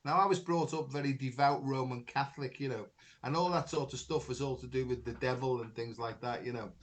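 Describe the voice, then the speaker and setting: A man's voice: medium pitch, brisk. A middle-aged man, hosting a talk show and telling a long story in a rambling way, full of fillers. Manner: rambling, chatty, many fillers like "you know" and "right". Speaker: podcast host, spiritual healer. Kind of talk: casual conversation, storytelling.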